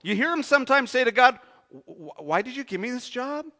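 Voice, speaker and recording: Bright-voiced man preaching with big swings. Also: extremely high pitch, sing-song, brisk. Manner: dynamic preaching, swings from hushed to loud; asks the congregation questions. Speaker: pastor. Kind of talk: sermon.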